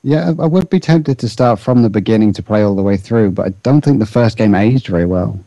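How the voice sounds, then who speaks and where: A man with a low, dark voice trading gaming opinions in a casual chat. His humor is dry and understated, and the sound is close and dead. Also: expressive, fairly quick, dry recording, poor audio. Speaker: podcast co-host.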